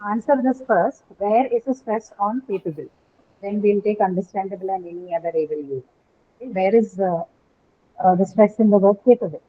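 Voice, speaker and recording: A woman's voice: medium pitch, brisk, slight background noise. Patient woman teacher over a tinny line. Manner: patient, questioning, often checks with "right?". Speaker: English teacher. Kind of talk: online class lecture on word stress. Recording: tinny phone-like call audio.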